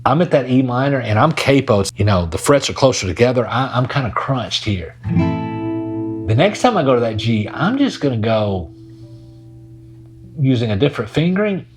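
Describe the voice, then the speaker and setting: A man's voice: medium pitch, very animated, moderate pace. A man teaching a casual guitar lesson in a laid-back way, talking while he plays. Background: his own acoustic guitar playing.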